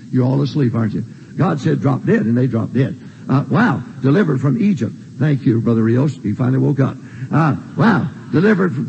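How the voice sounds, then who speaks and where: A man's voice: a little high, creaky, darkish tone, husky, highs cut off. An older man preaching a sermon, folksy and emphatic, repeating his points. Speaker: pastor. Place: church sanctuary.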